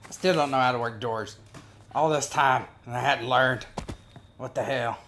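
A man's voice: medium pitch, steady tone, unhurried, fairly bright tone, slight background noise. A man giving casual, profane gameplay commentary as a gaming video creator, joking and talking to himself as he plays.

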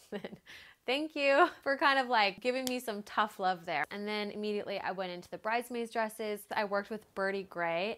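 A woman in her thirties, a fitness vlogger, telling a story in a casual vlog, chatty and animated, full of "like" fillers and acted-out quotes. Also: medium pitch.

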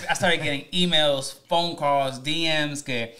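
A young Mexican-American man hosting a podcast, talking energetically and switching between English and Spanish. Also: fairly high pitch. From Mexican-American, raised in the US. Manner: fast, energetic, mixes English and Spanish with swearing. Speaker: radio host, podcast host. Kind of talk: casual podcast chat.

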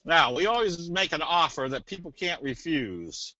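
A man presenting a trading webinar in a casual, folksy, joking way with a salesy pitch. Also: lively intonation, normal speed, sharp tone, dry recording. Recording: dull dry webinar audio.

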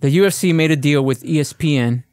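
A man co-hosting a casual podcast chat, telling a long, animated story full of profanity. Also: fairly high pitch, fast, clear, resonant tone, no echo, studio quality. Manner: animated ranting storyteller, swears freely. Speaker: podcast co-host.

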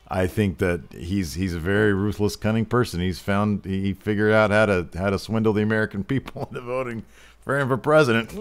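Deep-voiced man doing jokey wrestling commentary. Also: moderate pace. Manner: jokey, profane, mock-announcer hype. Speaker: gameplay commentator. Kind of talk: mock wrestling play-by-play over gameplay.

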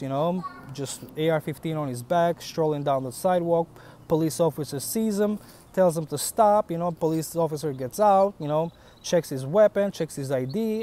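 Here a thirtysomething vlogger with a foreign accent addresses the camera in a slightly high, dark-toned voice. His delivery is casual and blunt, full of profanity as he recounts stories.

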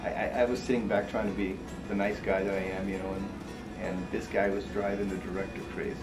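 A man telling a lively anecdote about a friend in an interview, speaking casually and getting worked up as he goes. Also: sits low, a little fast, over loud music, low-quality recording. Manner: animated storyteller, builds to excitement. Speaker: friend and colleague.

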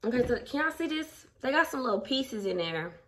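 High-pitched and fairly bright, this young woman's voice swings widely in pitch as she talks a little fast. She's vlogging casually from home, speaking openly and emotionally to viewers. The mic sits at a distance, picking up faint background noise.

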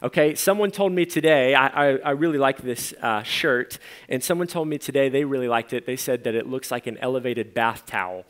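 A man's voice: mid-range voice, brisk, a bit bright. A young man, a pastor, preaching a casual sermon in a church and telling stories with playful imitations of other people. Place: church sanctuary.

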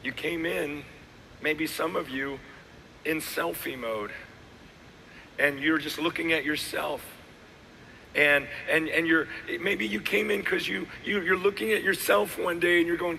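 A middle-aged male pastor preaching a sermon, his voice hoarse and worn out, swinging between shouted lines and quiet asides. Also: on the high side, fairly even intonation, a little slow. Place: large hall with live audience. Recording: long hall reverb, faint noise.

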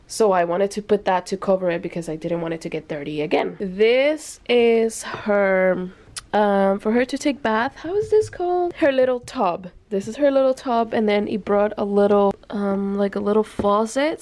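A young woman chats her way through a casual home vlog, showing off a baby's nursery. She thinks aloud with fillers and soft laughs. Her pitch sits in an ordinary middle range. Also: lively intonation, normal speed. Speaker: vlogger.

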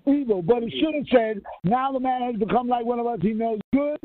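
A man's voice: extremely high pitch, brisk, hardly any pauses. A man leading a profane call-and-response sermon, quizzing his listeners with rhetorical questions that they finish. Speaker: spiritual leader. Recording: tinny lo-fi line with faint hiss.

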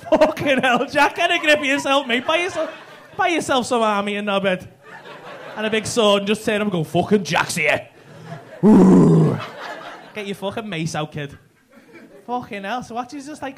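A man with a very high-pitched voice, speaking at a moderate pace, does stand-up crowd work in a comedy club. He teases audience members and swears a lot, and the live club recording carries loud audience noise.

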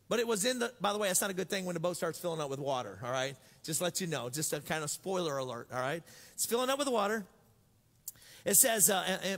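High-voiced joking preacher man. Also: very animated, quick pace, fairly bright tone, in a large hall. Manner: storytelling, joking, acts out voices. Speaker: pastor. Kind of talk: sermon.

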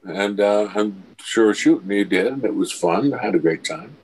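The guest is an older actor whose lowish, slightly rough voice comes through a low-quality recording at normal speed. He recounts stories animatedly in the interview, voicing the characters' lines with a chuckle.

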